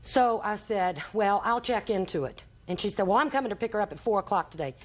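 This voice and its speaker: A woman's voice: mid-range voice, animated, fairly quick. An older woman, a grandmother testifying as a litigant in a TV courtroom, telling her story at length and acting out everyone's quoted lines.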